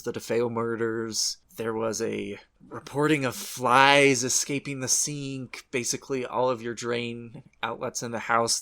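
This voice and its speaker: A man's voice: mid-range voice, a bit bright. A man co-hosting a horror podcast, chatting casually and rambling, correcting his own slips. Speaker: podcast co-host.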